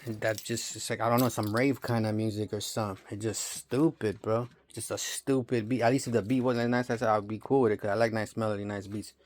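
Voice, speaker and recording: A man's voice: lowish voice, steady tone, quick pace, few pauses. A man from Romania ranting in a rambling, profane monologue, tossing in bro and dog all the time. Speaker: vlogger.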